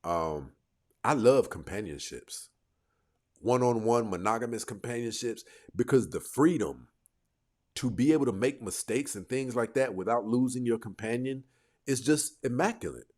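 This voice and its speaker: A man's voice: mid-range voice, lively intonation, moderate pace, a little mellow. A man hosting a livestream, casually commenting and reacting to viewers' comments, talking back to the chat with bursts of laughter. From United States.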